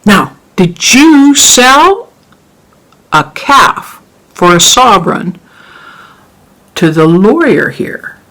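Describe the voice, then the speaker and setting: A storyteller voicing a stern, exasperated courtroom judge who questions slowly and deliberately. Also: mid-range voice, sing-song, a bit bright, full character voice.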